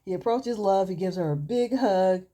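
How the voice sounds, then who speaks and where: A woman's voice: mid-range voice, normal speed, mellow. A woman beauty vlogger telling a story in a casual, chatty way, with lots of quoting.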